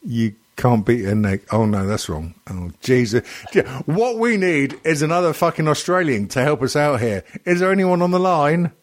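A man hosting a crude comedy podcast, with a lively, roaming pitch. He rambles along, teasing his guests and swearing freely. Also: normal speed, hardly any pauses. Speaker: podcast host.

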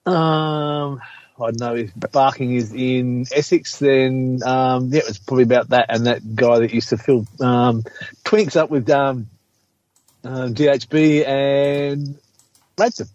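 A man's voice: medium pitch, fairly even intonation, measured pace, a little mellow, no room sound, highs cut off. A man chatting casually on a podcast, rambling and hesitant, often swearing. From Australia. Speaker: podcast co-host. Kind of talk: casual chat.

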